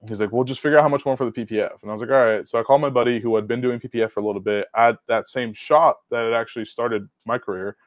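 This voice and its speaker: A young adult man, a car detailer guest on a podcast, telling stories in a casual, animated way, swearing and acting out quotes. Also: mid-range voice, very fast, few pauses, no room sound. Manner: animated storyteller, swears, acts out quotes loudly. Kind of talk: casual storytelling chat.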